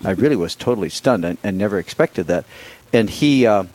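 A middle-aged priest being interviewed, telling a personal story in a halting, conversational way with many restarts and fillers. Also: male voice, lowish voice, expressive, a little mellow, rough recording. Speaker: priest appointed bishop, interview guest.

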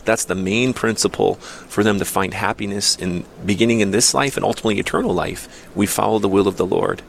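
Gravelly low-voiced man, earnest. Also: slight background noise. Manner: measured, earnest, repeats words while thinking. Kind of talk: casual Catholic Q&A talk.

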